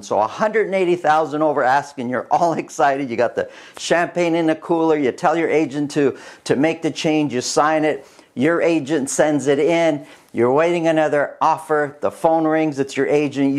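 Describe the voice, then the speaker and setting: A middle-aged man, a realtor, talking casually to camera through a market report, animated and full of restarts. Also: a little high, moderate pace. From Canada. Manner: animated, chuckling storyteller with many restarts.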